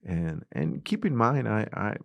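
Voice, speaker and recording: A middle-aged man with a Spanish-influenced accent, a youth ministries director telling animated stories in an interview and acting out the dialogue. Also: lowish voice, measured pace, vocal fry, no echo, dull audio. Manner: animated storyteller, acts out quoted dialogue. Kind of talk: conversational interview.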